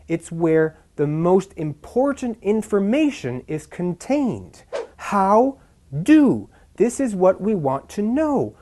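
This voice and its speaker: A man leads a scripted English pronunciation lesson, leaning hard on the stressed syllables. His pitch swings widely as he demonstrates rhythm. He speaks slowly, in a mellow tone. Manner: slow, deliberate, exaggerated stress on key syllables. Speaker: pronunciation teacher.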